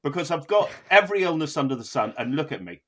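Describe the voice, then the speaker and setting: A man hosting a comedy podcast. His voice sits a bit higher than most men's and leaps around in pitch as he swears and riffs in mock outrage. It sounds casual and playful, like chatting with a friend. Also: very animated, fast talker, a bit bright.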